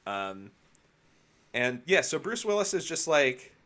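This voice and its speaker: A man's voice: on the high side, big pitch swings, slow pace, a bit bright. A man co-hosting a podcast, chatting casually and enthusiastically about films with many fillers. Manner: rambling, filler-heavy, enthusiastic. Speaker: podcast co-host. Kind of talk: casual film chat.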